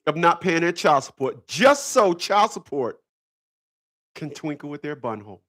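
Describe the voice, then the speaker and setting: A man's voice: on the high side, sing-song, a little slow, fairly bright tone. A man hosting a casual livestream talk, rambling, repeating himself and breaking into laughter. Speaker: channel host.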